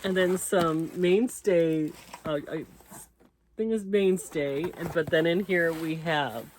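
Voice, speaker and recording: Slow-talking woman crochet vlogger. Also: on the low side, a little hiss or hum. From United States. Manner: chatty, reads out letters and thanks senders. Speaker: crochet channel host. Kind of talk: casual unboxing chat.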